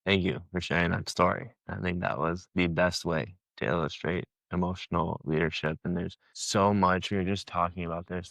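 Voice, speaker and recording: A man's voice: low voice, a bit bright, no echo. A man hosting a podcast, answering his guest in a thoughtful, affirming way. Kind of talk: podcast interview.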